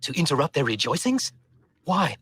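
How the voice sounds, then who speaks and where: Brief: stern priest, British accent, husky voice, lively swooping pitch. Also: male voice, moderate pace, no room sound, exaggerated voice. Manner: stern, questioning. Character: stern male priest questioning a heretic.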